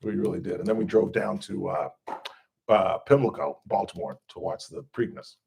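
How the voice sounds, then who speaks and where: A man's voice: on the low side, fairly even intonation, moderate pace, creaky, darkish tone, husky. A man hosting a radio talk show, chatting casually and telling stories with enthusiasm. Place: radio studio.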